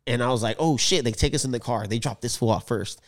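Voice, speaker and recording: Speaking fast with a medium pitch, this man co-hosts a podcast and tells stories in casual slang. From a Filipino family, he animatedly acts out other people's quotes during the chat.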